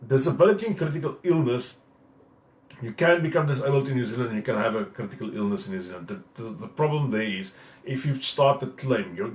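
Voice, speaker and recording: A man's voice: medium pitch, darkish tone. A man, a financial adviser giving plainspoken, direct advice and answering viewer questions in a live talk. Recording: roomy echo.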